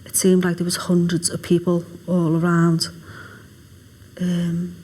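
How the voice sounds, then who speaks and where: A woman speaks quietly and haltingly, her voice level and flat. She recounts events as a mother in a documentary interview. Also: on the low side, husky. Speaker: mother of victim.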